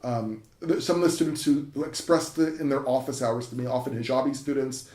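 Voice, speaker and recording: A university professor with a mid-range, dark-toned voice speaks fairly quickly and fairly evenly. In an echoey room, he enthusiastically tells an interviewer a story during their conversation, his speech full of fillers and restarts.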